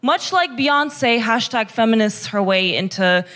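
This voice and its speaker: A woman from Kazakhstan doing stand-up in a comedy club, her voice sitting high. She drawls her lines slowly, gushing with mock sweetness that turns every compliment sarcastic. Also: lively intonation, a bit bright.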